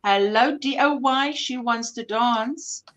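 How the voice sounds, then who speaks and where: High-pitched chatty woman hosting a stream from home, lots of restarts. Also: slow pace, dull audio. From South Africa. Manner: chatty, greets viewers warmly by name, restarts often. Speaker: livestream host. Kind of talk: casual chat reading out viewer comments.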